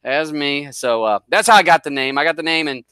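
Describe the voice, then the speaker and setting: A man's voice: a little high, fairly quick, pushed and bright, smooth, no room sound. A middle-aged man from the northern US, a guest telling a rambling, joking story in a casual way. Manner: rambling, self-deprecating, jokes around.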